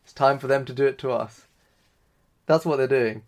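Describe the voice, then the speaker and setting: Male co-host, mid-pitched, chatty scene-by-scene recapper. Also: normal speed, a little mellow. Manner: retells scenes with loose quoted lines. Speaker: podcast co-host. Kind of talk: casual recap discussion.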